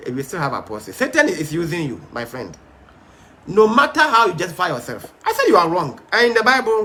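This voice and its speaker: A man's voice: a little high, bright, forceful tone, a little hiss or hum. A man teaching a Bible study in an emphatic, stern, repetitive way, with frequent fillers.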